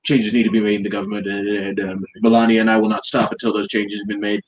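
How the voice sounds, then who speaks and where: A man's voice: on the low side, level tone, fast talker, slight background noise, lightly acted, low-quality recording. A man doing a boastful politician impression. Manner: repeats phrases, sweeping boasts. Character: boastful older male politician, repetitive superlatives. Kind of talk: comedic impression.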